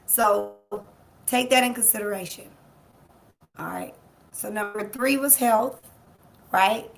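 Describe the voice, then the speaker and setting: Slow and creaky, this woman's voice sits at a medium pitch. She's a life coach running a livestreamed motivational talk, emphatic and repetitive with key phrases, speaking directly to her audience while laughing readily and chatting with people present.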